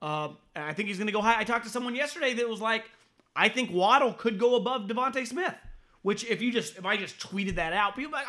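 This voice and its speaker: A man's voice: expressive, fast. A man hosting a sports podcast, blunt and profane, with stammering restarts as he gives his opinions. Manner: mocks critics in a high shouting voice. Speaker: podcast host.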